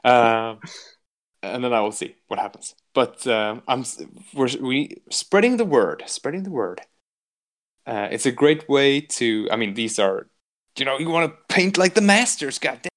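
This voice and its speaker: A man's voice: mid-range voice, animated, moderate pace, fairly bright tone. A man hosting a podcast in casual chat, rambling and joking and swearing freely, slipping into silly mock voices now and then. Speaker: podcast host.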